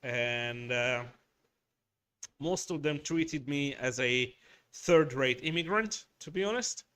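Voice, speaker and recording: A man's voice: medium pitch, slow, a bit bright, clean tone. A man from Hungary with a Hungarian accent, hosting a craft shop livestream and chatting bluntly. He swears a lot and rambles with many restarts. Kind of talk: casual chat, ranting. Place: workshop.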